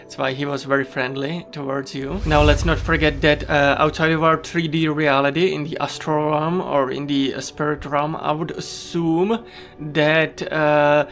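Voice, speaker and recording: A man hosting a spiritual commentary, earnest and halting, full of ums and uhs. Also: a little high, little pitch movement, fairly bright tone, soft background music. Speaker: commentary host.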